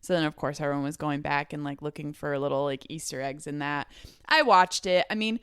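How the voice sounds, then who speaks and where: A woman's voice: sits low, fairly even intonation, moderate pace, a bit bright, clean tone, dry recording, studio quality. A woman co-hosting a podcast, chatting casually and filling her talk with "like". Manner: chatty, lots of "like" fillers. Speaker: podcast co-host. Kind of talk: casual chat.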